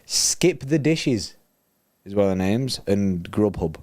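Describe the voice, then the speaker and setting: A man's voice: on the low side, lively intonation, slow, a little mellow. A young man, co-hosting a football watchalong stream in rambling, slangy casual chat. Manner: laid-back, rambling, slangy.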